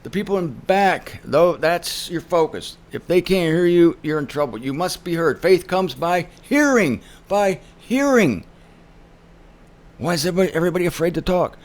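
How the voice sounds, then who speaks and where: A man's voice: high voice, animated, moderate pace. A man hosting his own show, telling a story in an emphatic monologue and acting out the people he quotes. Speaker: show host. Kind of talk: casual monologue.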